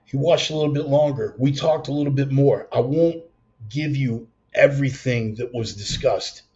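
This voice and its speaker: A man's voice: medium pitch, moderate pace, dark tone. A man preaching a raw, profane storytelling sermon, blunt and intense. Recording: slightly dull lo-fi sound.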